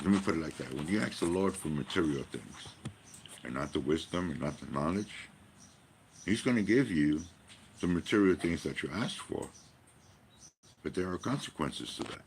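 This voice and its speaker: A man's voice: a bass voice, expressive, moderate pace, long pauses, slight background noise. A man giving a rambling personal monologue, emphatic and profane, full of rhetorical questions. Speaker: vlogger.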